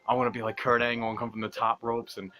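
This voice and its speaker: A young man telling a long story as he plays a video game, rambling, swearing and mocking himself, speaking softly because it is late at night. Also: medium pitch, monotone, fast, lo-fi sound, faint music behind. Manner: rambling, profane, self-mocking, laughs often. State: talking quietly at night. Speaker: gaming channel host. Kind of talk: casual storytelling over gameplay.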